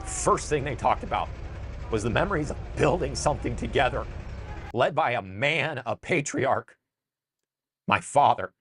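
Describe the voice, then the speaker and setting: A man's voice: mid-range voice, animated, moderate pace, long pauses, fairly bright tone, slightly rough. A middle-aged man delivering an emotional, bitter ranting monologue in a video. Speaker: video commentator.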